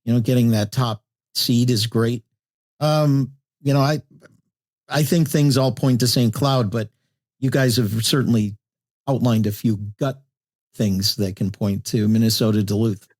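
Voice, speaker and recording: A man's voice: mid-range voice, a little slow. A man moderating a casual hockey betting chat, steadily running through odds and records. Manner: steady, lists stats methodically. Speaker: podcast host, moderator. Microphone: remote call mic.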